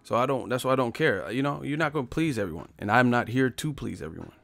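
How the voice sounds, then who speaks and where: A man hosting a boxing live stream from home, talking loose and profane, laughing through his rants. His voice has a gravelly rasp at the bottom, and the sound is dry and close. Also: mid-range voice, expressive, fast talker, fairly bright tone, dry recording. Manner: laughing, profane, mocking banter. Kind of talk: casual live stream chat.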